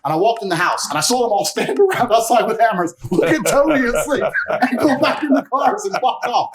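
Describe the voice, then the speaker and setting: A man's voice: very high-pitched, lively intonation, brisk, a loud crowd. A man guesting on a podcast interview, telling stories in a brash, swaggering way, swearing freely and laughing between his boasts. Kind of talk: casual storytelling in a podcast interview.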